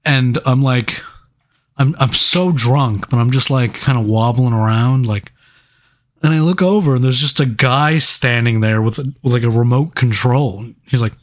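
A young man trades stories on a casual podcast, his voice sitting at an ordinary middle pitch. He rambles and swears freely and laughs his way through the punchlines. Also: moderate pace. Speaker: podcast co-host. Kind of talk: casual storytelling chat.

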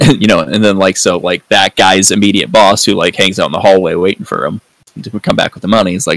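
A man's voice: deep voice, fairly even intonation, fast, creaky, a bit bright, dry recording, low-quality recording. A man hosting a podcast in casual review chat, rambling with lots of fillers and free swearing. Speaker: podcast host.

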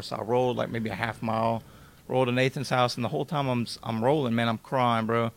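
Gravelly-voiced young man telling a raw story. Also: medium pitch, steady tone, quick pace, slight background noise. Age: 20s. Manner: blunt and emotional, casual with profanity. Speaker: podcast guest. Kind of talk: candid interview storytelling.

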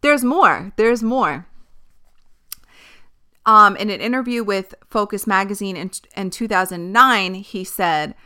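A woman's voice: mid-range voice, a little slow, pauses often, bright, forceful tone, clean tone. A young woman hosting a casual solo podcast, chatty and candid, swearing and laughing easily. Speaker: podcast host.

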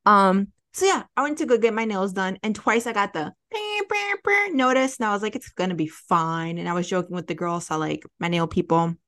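Animated, swearing woman telling stories. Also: medium pitch, a little fast, few pauses. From Chicago area. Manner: animated storyteller, swears freely, acts out quoted people. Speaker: podcast co-host. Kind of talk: casual chat. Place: apartment near a window.

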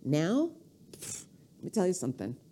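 A middle-aged woman comedian ranting on a podcast, profane and rambling, with sudden jumps in pitch. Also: huge pitch swings, normal speed, dark tone, husky. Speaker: comedian guest.

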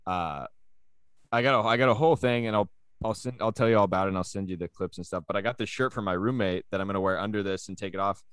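A man's voice: lowish voice, fast, fairly bright tone, clear, resonant tone, dry recording. A man, a comedian, chatting casually with friends on a podcast, rambling and restarting his sentences. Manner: rambling, with frequent restarts and laughter. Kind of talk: casual banter.

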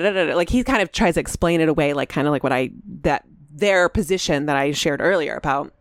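Chatty low-voiced woman recounting a meeting. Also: fairly quick, few pauses, dry recording, clean studio sound. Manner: animated storytelling, acts out quotes. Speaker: local school meeting commentator. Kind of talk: casual chat.

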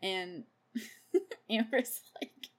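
A woman's voice: mid-range voice, drawn-out words. A woman hosting a podcast, recapping a movie in a casual, profane way. She laughs often and gushes over the characters she loves. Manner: gushing about favorite characters. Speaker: podcast host.

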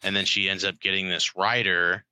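A man's voice: low-pitched, level tone, moderate pace, pushed and bright, smooth, no room sound. A man in laid-back casual chat, agreeing often and talking with lots of filler words.

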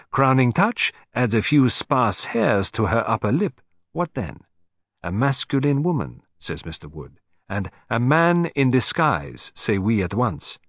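A man's voice: mid-range voice, no room sound, clean studio sound. Hercule Poirot, put on by a man, precise and smug. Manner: precise, self-satisfied, theatrical. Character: fussy, proud, shrewd older male Belgian detective.

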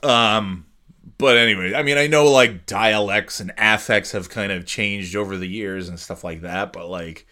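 Rambling, joking man with a bright voice. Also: lowish voice, moderate pace. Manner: rambling, joking, lively impressions. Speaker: vlogger. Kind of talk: casual solo rant. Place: indoors, standing at a desk. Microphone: desk microphone.

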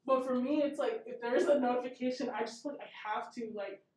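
A woman's voice: on the high side, steady tone, brisk, darkish tone. A young woman who owns a small business, chatting casually, laughing often and swearing freely. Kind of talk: casual chat. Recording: roomy, mic at a distance.

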